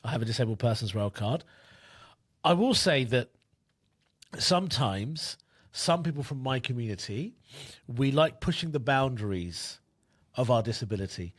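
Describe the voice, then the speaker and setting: A comedian talking in a deadpan, rambling way during comedy podcast banter. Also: male voice, mid-range voice, normal speed.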